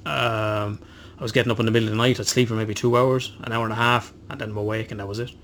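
A man's voice: fairly low pitch, little pitch movement, fast talker, fairly bright tone, slight background noise. A man, co-hosting a podcast and telling a long rambling story, swearing constantly and poking fun at himself. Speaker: podcast co-host. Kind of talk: casual chat.

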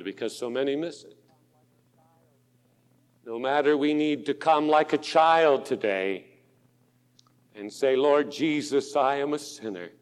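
A man preaching a sermon in an auditorium, slow and impassioned, dropping to a hush and rising to loud pleas. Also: medium pitch. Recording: long hall reverb.

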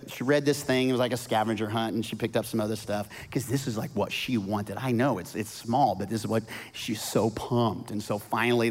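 A middle-aged male pastor preaching a sermon, telling a family story with animated swings and soft, quiet asides. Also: mid-range voice. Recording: long reverb of a large hall.

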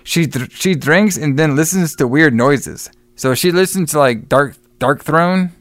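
A man's voice: a little high, a little slow, a bit bright, dry recording. A man co-hosting a horror movie review podcast, rambling and swearing in casual chat with frequent laughter. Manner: rambling, profane, laughs often.

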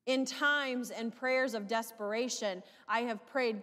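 Slow, measured woman preaching in a church. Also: a little high, fairly bright tone, big-room sound. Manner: measured and emphatic, with rising impassioned questions. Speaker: pastor. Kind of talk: sermon.

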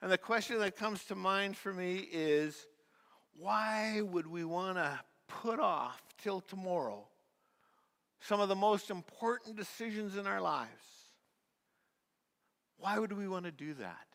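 A male pastor with a fairly high voice, preaching to his congregation in a church. He tells his story with plenty of fillers and restarts, then sinks to a soft hush at key moments. His voice rings out with a long reverb through the hall. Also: animated, a little slow, gravelly. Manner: drops to a soft, quiet voice at key points. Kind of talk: sermon. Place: church sanctuary.

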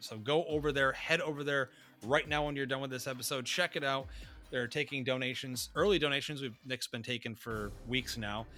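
A man co-hosting a film podcast, talking in casual banter, animated and profane, often laughing. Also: medium pitch. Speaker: podcast co-host.

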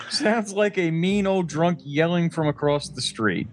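A man's voice: a little high, lively intonation, takes it slowly, soft background music. A man co-hosting a podcast in casual chat, swearing freely and laughing often as he rambles. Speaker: podcast co-host.

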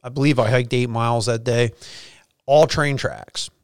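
A middle-aged man, a pastor hosting a casual faith podcast and telling stories in an energetic, chatty way. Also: medium pitch, moderate pace, smooth, dry recording, studio quality.

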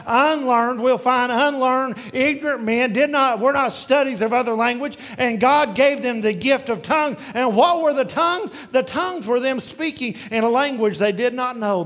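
A man preaching a sermon verse by verse, asking and answering his own questions and slowing down to read scripture aloud. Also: very high voice, a bit bright. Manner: varies pace widely, slowing down when reading scripture aloud. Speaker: pastor.

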